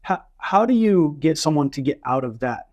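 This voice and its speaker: A man's voice: on the high side, expressive, normal speed, a little mellow. A man hosting a podcast interview, asking questions and restarting words as he forms them. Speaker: podcast host.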